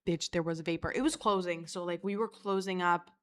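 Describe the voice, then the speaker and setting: A woman's voice: on the low side, steady tone, a little fast, a little hiss or hum. A young woman from Florida rambles through a casual storytime vlog. She is chatty and crude, swears constantly and laughs at herself as she talks. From Florida, USA. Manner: chatty, crude, swears a lot, self-mocking. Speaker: vlogger.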